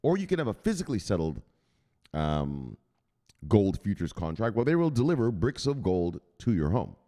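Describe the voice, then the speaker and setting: Excitable low-voiced man explaining casually. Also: moderate pace. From United States. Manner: excitable, rambling, laughs and corrects himself often. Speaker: crypto news host.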